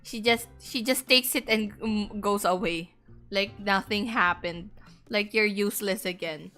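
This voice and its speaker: A woman VTuber chatting casually on a gaming stream and telling teasing, animated stories. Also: mid-range voice, unhurried, faint music behind.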